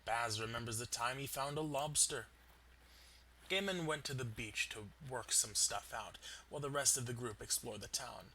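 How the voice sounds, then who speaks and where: A man narrating a tabletop game as game master, in steady, descriptive storytelling. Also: medium pitch, moderate pace, a little hiss or hum.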